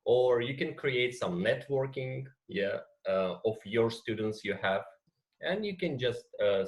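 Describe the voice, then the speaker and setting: Slow, hesitant Azerbaijani-accented man. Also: mid-range voice, a bit bright. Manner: hesitant, many fillers and "yeah?" checks. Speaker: teacher trainer. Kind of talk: online training session.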